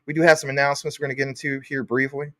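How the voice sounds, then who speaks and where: A man's voice: medium pitch, flat delivery, very fast, sharp tone, no echo, studio quality. Rambling, upbeat male crypto streamer. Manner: rambling, enthusiastic, welcomes chatters by name. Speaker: crypto livestream host. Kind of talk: casual livestream chat reading viewer comments.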